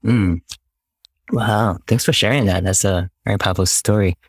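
Low-voiced curious male host. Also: moderate pace, husky, no room sound, clean studio sound. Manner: attentive, curious, affirming. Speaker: podcast host. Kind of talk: interview questions.

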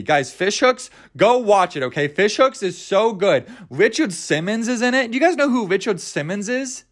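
A man's voice: a little high, lively intonation, moderate pace. A young man hosting a casual solo podcast, rambling and joking, often tripping over his words. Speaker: podcast host.

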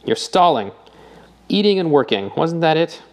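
A man's voice: on the high side, sing-song, moderate pace, voice pushed up. A man reading an audiobook, voicing a blustering, hot-tempered rich older man who roars indignantly. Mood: furious. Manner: roaring, indignant outbursts.

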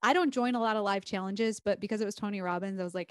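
A woman's voice: mid-range voice, fast, no echo. A woman podcast strategist as a guest, telling a story earnestly and casually.

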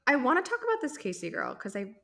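A woman's voice: high voice, huge pitch swings, fast, bright, forceful tone. A young woman co-hosting a casual podcast, chatting and gossiping about reality TV and laughing often. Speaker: podcast co-host. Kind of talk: casual chat.

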